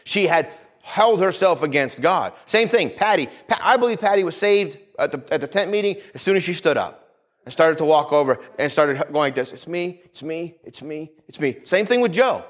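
A man's voice: a little high, lively intonation, moderate pace. A man preaching a fervent sermon, calling out for amens from the congregation as his voice swells and drops. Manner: fervent, rising and falling preaching with call-outs for amen.

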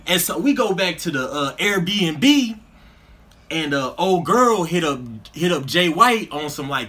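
Guy with a high bright voice telling a wild story, slangy, laughing as he goes. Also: moderate pace. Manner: animated storyteller, laughs through punchlines, slangy. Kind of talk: casual storytelling chat.

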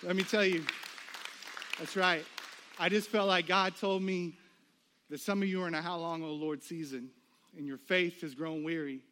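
A man's voice: fairly high pitch, steady tone, moderate pace, pauses often, pushed and bright, some chatter behind. A man preaching a sermon, telling a personal story and acting out the voices of the people in it. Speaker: pastor.

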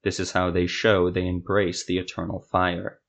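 A man voicing a wary, gruff male monster hunter in a fantasy audio story, speaking tersely. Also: low-pitched, monotone, normal speed, lo-fi sound, voice pushed down. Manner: terse, snarling.

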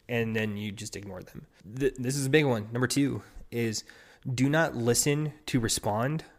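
A man's voice: medium pitch, fairly quick. A man hosting a solo podcast, talking casually with many restarts and acting out quoted partners. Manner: rambling, restarts often, acts out quoted partners. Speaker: podcast host.

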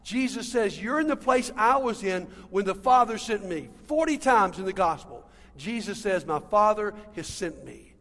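A man's voice: high voice, animated, moderate pace, hardly any pauses, fairly bright tone. A pastor preaching a sermon to his congregation, talking to them directly and calling them friends and guys. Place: church sanctuary. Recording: long reverb of a large hall.

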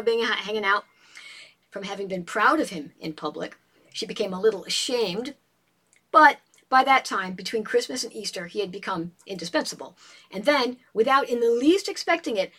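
Husky woman retelling a novel. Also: mid-range voice. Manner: animated storyteller, reads passages aloud. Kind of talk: casual book discussion.

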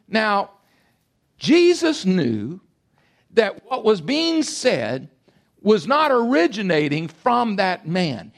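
A man in his sixties preaching a sermon, emphatic and animated, swinging between loud bursts and quiet asides. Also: high voice. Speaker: pastor.

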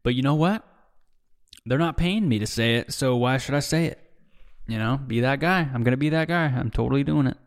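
A man's voice: medium pitch, fairly quick. Rambling, cursing young man. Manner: profane, rambling, says "dude" a lot. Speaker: podcast host. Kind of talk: casual rambling monologue. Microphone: desk mic, seen drinking on video.

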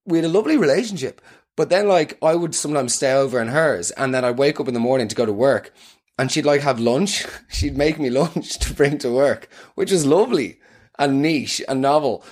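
Young man, podcast host, comic storyteller; rambling, self-mocking, laughs a lot, mid-pitched voice. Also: expressive, a little fast, darkish tone. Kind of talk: comedic storytelling.

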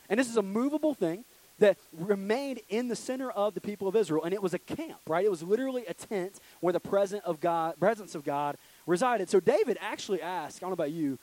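A man's voice: sits high, low-quality recording. A young man preaching a casual, joking youth sermon in a church room, acting out little voices. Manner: animated, joking, acts out voices. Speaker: youth pastor.

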